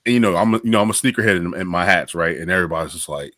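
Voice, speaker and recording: A man co-hosting a casual sports podcast, excitable and animated, telling stories with casual slang. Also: fairly low pitch, fast, hardly any pauses, no room sound, studio quality. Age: adult. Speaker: podcast co-host.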